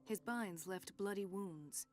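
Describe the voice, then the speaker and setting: Actress as a composed game doctor, measured and clinical, mid-pitched. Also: female voice, darkish tone, faint music behind, close to an everyday voice. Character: woman psychiatric doctor, calm and authoritative.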